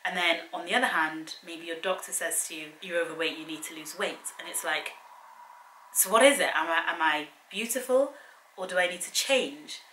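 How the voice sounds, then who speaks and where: This fitness and wellbeing vlogger, a young woman, challenges her viewers directly in a chatty, earnest motivational talk. Her lowish voice is bright and forceful at a moderate pace. The recording has room echo and a faint background hiss.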